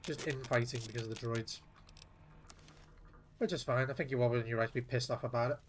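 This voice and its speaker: A man talking casually over his gameplay, muttering and swearing in an offhand way. His voice sits at an ordinary middle pitch, with a faint hum of noise underneath. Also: fairly even intonation, quick pace. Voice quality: offhand, profane, muttering to himself. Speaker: gameplay streamer.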